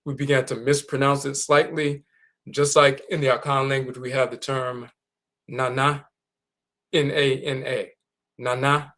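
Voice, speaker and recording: A man giving a deliberate, explanatory lecture on a spiritual tradition, spelling words out letter by letter as he goes. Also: medium pitch, flat delivery, a bit bright. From North America.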